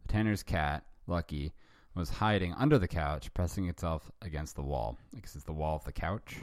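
A man's voice: very deep voice, normal speed, no echo, clean studio sound. A man hosting a fanfiction reading, narrating with wry, self-interrupting asides. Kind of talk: comic dramatic reading with asides.

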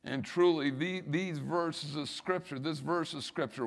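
A man's voice: a little high, measured pace, few pauses. A middle-aged male pastor preaching a sermon, building emphasis and repeating key phrases.

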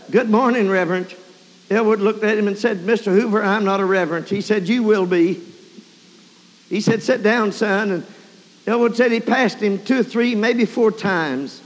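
A man preaching a sermon, telling a story and breaking into emotional praise. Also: high-pitched. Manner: emotional, exclaiming praise often. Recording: long hall reverb.

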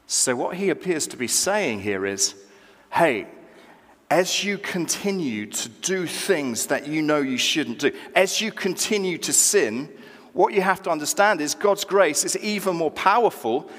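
Male pastor, lively sermon delivery with acted-out dialogue, slightly high voice, echoing church hall. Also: moderate pace. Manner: animated, acts out dialogue with rising emphasis.

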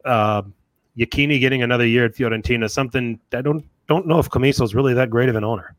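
A man's voice: mid-range voice, fast talker, no echo. A man hosts a casual podcast, reading out nominated tweets. His delivery is loose, with restarts and laughs. The sound is dry and close, with no room around it. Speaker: podcast host. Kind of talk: casual chat.

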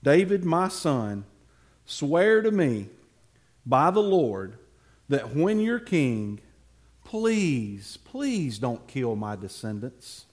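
A man's voice: mid-range voice, very animated, very slow, full character voice. A man voicing a remorseful aging king who tearfully begs for mercy in a retold Bible story. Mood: pleading. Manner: pleading, tearful delivery.

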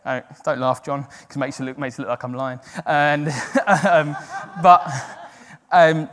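A man's voice: mid-range voice, measured pace, fairly bright tone, slight background noise. A man giving an informal, earnest sermon with jokes to a church group. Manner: chatty, joking, earnest. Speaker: church speaker. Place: church hall. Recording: long hall reverb.

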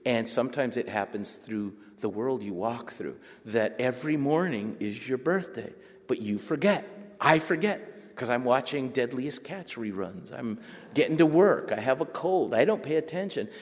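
A man telling stories from a stage, animated and self-deprecating, his voice leaping up when he acts out other people. His pitch sits in the middle for a man. A long hall reverb hangs on every word. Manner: animated, jumps to high excited pitch for quoted voices. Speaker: speaker giving a talk. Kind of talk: storytelling lecture.

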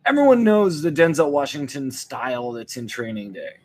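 A man's voice: medium pitch, normal speed. An older man hosting a podcast, telling a rambling, wry comic monologue to his listeners. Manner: rambling, wry, animated swings into quoted voices. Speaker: podcast host. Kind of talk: solo comedic monologue.

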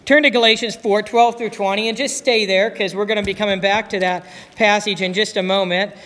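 Preaching in a church sanctuary, a male pastor tells folksy stories and voices the characters in his anecdotes. His high voice is steady, fairly bright, and fairly quick, echoing with long church reverb.

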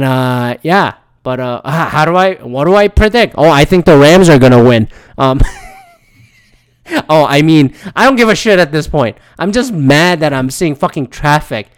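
A vlogger from Michigan pours out a furious, foul-mouthed rant. The pitch swings widely as the words speed up and climb toward near-shouting, then drop again between bursts. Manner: heated, swearing, rising to near-shouting. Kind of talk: profane angry rant to camera.

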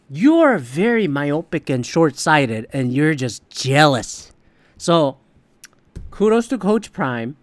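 A man's voice: a little high, dry recording. A man hosting a podcast, delivering a heated, profane, opinionated sports rant in casual talk. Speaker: podcast host.

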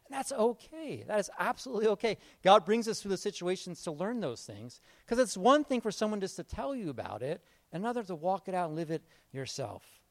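A man preaching a sermon in a relaxed, conversational way, his voice sitting high and swinging widely as he tells the story. He drops into quick asides, voicing the people in it as if chatting with friends. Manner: casual, animated, acts out Bible figures in quick asides. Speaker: pastor.

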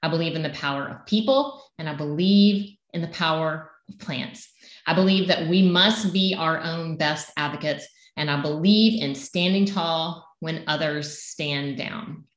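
Low-voiced Southern woman, echoey room. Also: measured pace. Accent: Southern American. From South Carolina. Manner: earnest, emphatic declarations. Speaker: health coach co-host. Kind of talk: podcast introduction and personal story.

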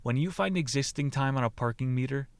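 A man hosting a podcast, reading a book aloud in a deadpan way and breaking off into laughing, profane asides. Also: mid-range voice, a little fast, gravelly, smooth, dry recording. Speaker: podcast host.

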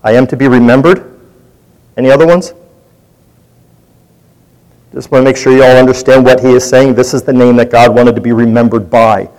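A man's voice: mid-range voice, fairly even intonation, brisk, long pauses, a little mellow, rough recording. A man leading a Bible study, teaching in a conversational way and putting questions to his group.

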